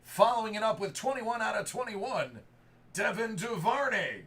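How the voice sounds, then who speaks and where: A man hosting a live sports card break, reading out cards and serial numbers and erupting into hype shouts. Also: high-pitched, expressive, moderate pace.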